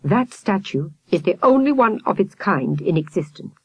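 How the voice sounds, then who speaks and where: A woman's voice: medium pitch, very animated, moderate pace, slightly rough, no room sound, voice pushed up. A woman voicing a polite, formal older male professor in a storybook.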